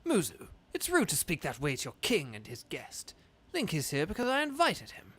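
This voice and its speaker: A man voicing an earnest young fish prince in a video game, speaking in an even, measured way. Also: fairly high pitch, breathy edge, exaggerated voice. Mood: firm.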